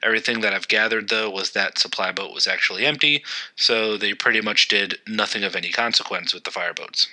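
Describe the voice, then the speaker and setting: A man's voice: fairly low pitch, a little fast, pushed and bright, poor audio. A man hosting a history podcast, narrating events in a loose, conversational way with occasional fillers. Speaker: podcast host.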